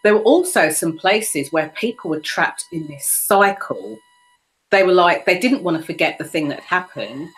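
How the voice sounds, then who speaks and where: Female podcast host, slightly low pitch, reflective storyteller. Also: lively intonation, moderate pace, poor audio. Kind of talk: conversational interview.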